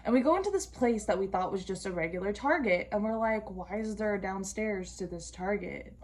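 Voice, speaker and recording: A woman's voice: mid-range voice, lively intonation, fairly quick. Slangy young woman telling a storytime. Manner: slangy and profane, with comic asides. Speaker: vlogger. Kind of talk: casual storytime while doing skincare.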